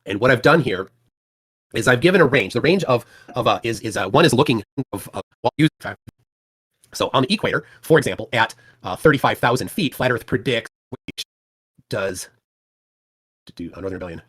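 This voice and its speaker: Guy hosting a stream, talks fast, stumbles and restarts a lot, bit husky. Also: medium pitch, lively intonation. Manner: hesitant, many restarts and fillers. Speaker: livestream host. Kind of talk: casual livestream talk.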